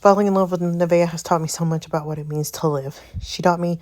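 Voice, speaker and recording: A woman's voice: lowish voice, steady tone, fast talker, a little mellow, lightly acted. A woman reading the lines of a remorseful man giving up the woman he loves. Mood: solemn. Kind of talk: reading a story game aloud.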